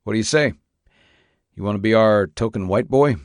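A man's voice: fairly low pitch, normal speed, no room sound, studio quality, lightly acted. A man narrating as a desperate, outraged man pleading for help. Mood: wry. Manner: raised, pleading.

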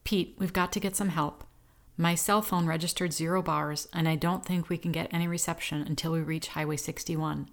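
A woman's voice: low voice, fairly even intonation, normal speed. A woman voicing a determined woman rescuer in an audiobook, speaking firmly and reassuringly. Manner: firm, reassuring.

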